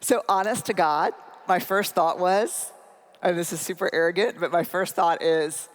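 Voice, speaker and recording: Her voice sits on the low side and moves at a normal pace as this middle-aged woman shares a personal story in a humorous, self-deprecating keynote. She talks directly to the crowd in a large conference hall, where the recording carries long hall reverb.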